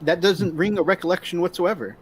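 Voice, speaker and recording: A man co-hosts a casual live stream, his voice pitched high. He is upbeat and reads out viewer comments. A faint hiss sits behind him. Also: a little fast. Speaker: co-host. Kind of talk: casual chat.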